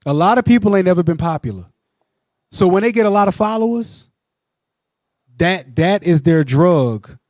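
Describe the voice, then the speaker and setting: A man leading a religious teaching discussion. He talks in an animated, repetitive way and often asks "you know what I'm saying.". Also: high voice, moderate pace, long pauses, no room sound, clean studio sound. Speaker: Bible class teacher.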